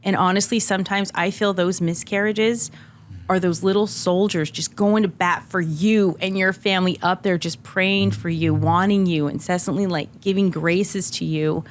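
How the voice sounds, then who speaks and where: A woman's voice: lowish voice, fairly even intonation, normal speed, slight background noise. A middle-aged woman telling a personal story on a podcast, earnest and emotional, often saying "like". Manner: earnest and emotional, heavy use of "like". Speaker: podcast guest. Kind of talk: candid conversational storytelling.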